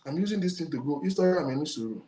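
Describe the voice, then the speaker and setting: On his own talk show, a man with a Nigerian accent rants very fast in a slightly high, dark voice, full of animation. Indignantly he repeats his points and mixes in Yoruba, and a roomy echo fills the recording.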